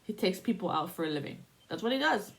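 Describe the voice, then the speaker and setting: Lady doing a casual psychic reading, swears a lot, laughs, kinda low voice. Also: lively intonation, fast, creaky. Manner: profane, laughing, chatty; invoking spirits in prayer. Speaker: spiritual reader.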